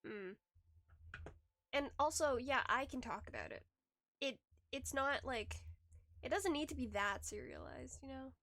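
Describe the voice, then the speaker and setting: A woman streams herself gaming and chats casually, drifting between thoughts, restarting sentences, and giggling. Her voice sits high, a bit bright and expressive, at a measured pace with frequent pauses and no echo. Faint background music is audible.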